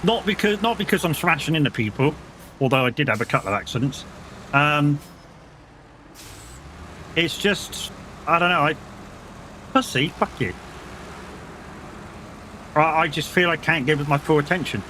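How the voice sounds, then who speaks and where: A man's voice: a little high, lively intonation, normal speed, pauses often, bright, forceful tone, a little hiss or hum. A man with an English accent, a live streamer chatting casually and swearing while he plays a game and jokes with his chat. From England.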